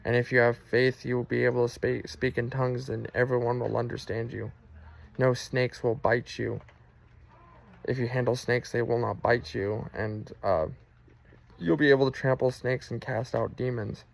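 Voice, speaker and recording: A man's voice: medium pitch, level tone, normal speed, gravelly, poor audio. A man telling his personal faith testimony in an earnest, emotional way. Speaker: Christian testimony vlogger.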